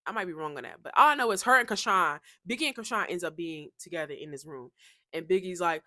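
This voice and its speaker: A woman's voice: fairly low pitch, lively intonation, fast talker, pushed and bright, dry recording, studio quality. A woman hosting a reaction channel, chatting casually and recapping a show. She curses freely and acts out the quotes.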